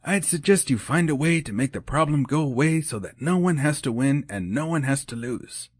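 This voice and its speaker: A man voicing Mrs. Claus in an audiobook, a cheerful, encouraging older woman with a brisk manner. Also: fairly high pitch, expressive, husky, no room sound, studio quality, pitched above the performer's own voice. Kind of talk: audiobook character voice.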